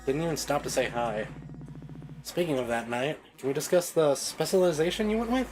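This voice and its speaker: A man's voice: a little high, expressive, fairly quick, lightly acted, poor audio. Dude playing a snarky evil twin girl, sarcastic and mean, music in the back. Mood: smug. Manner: taunting, sarcastic. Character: mocking mirror self, cruel young woman. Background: game soundtrack music.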